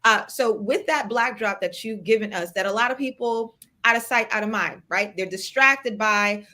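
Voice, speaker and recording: A woman with a somewhat raised pitch hosts a casual live interview. She backs her guest with a steady stream of agreement and slips in playful wordplay. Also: moderate pace, few pauses. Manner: affirming, steady 'mm-hmm's and wordplay. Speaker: host.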